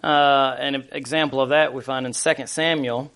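In a mid-range, fairly bright voice with a steady tone and normal speed, a man preaches a sermon. As pastor, he keeps it conversational, restarting often and using many fillers, and reads passages of scripture aloud.

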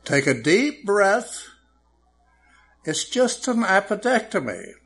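A man acting out an alarmed hospital patient, insistent and raised in pitch, with a slow gravelly delivery. It comes as a joke told within a sermon. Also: big pitch swings, a bit bright, full character voice. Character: panicked male hospital patient.

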